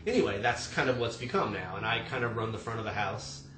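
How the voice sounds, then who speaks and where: A man's voice: on the low side, animated, fast talker, music in the background. Chatty man in an echoey room. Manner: chatty storyteller, joking. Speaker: tasting room manager. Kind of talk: casual livestream chat. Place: home room. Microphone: video stream mic.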